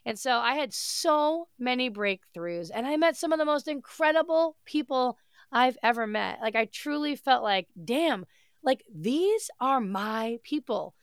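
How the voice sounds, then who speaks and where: A woman's voice: sits high, lively intonation, normal speed, clear, resonant tone, no echo, clean studio sound. A woman hosting her own podcast, talking alone in an upbeat, gushing way, her voice nasal from a stuffy head cold. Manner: upbeat, gushing, casual with mild swearing. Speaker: podcast host. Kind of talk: solo podcast monologue.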